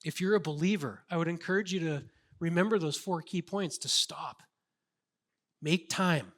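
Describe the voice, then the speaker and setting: A man's voice: on the high side, normal speed. A man preaching a sermon as a pastor, earnest and conversational, with casual fillers.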